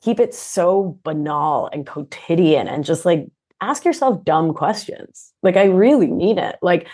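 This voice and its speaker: Animated woman guest explaining ideas. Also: lowish voice, a little slow. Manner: animated, expressive explainer, often asks "right?". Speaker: podcast guest, nurse practitioner and coach. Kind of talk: conversational interview.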